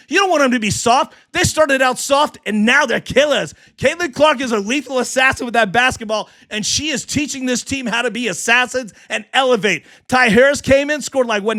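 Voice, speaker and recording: Really high-pitched guy ranting about his team on a live stream, super pumped, punchy bright tone. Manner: hyped, fast, heckling chatters. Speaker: sports livestream host. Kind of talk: excited live-stream commentary.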